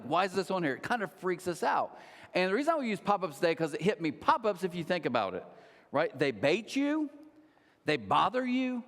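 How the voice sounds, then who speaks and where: A man in his thirties preaching a sermon, telling stories with lively acted-out quotes. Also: a little high. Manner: animated storytelling with acted-out quotes. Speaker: pastor. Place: large church hall. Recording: long hall reverb.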